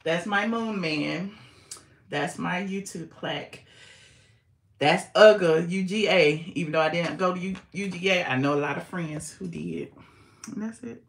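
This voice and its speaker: A woman's voice: fairly low pitch, a little slow, creaky, reverberant. A woman hosting a casual livestream from her home, chatting with viewers and calling them child and honey. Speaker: YouTube host.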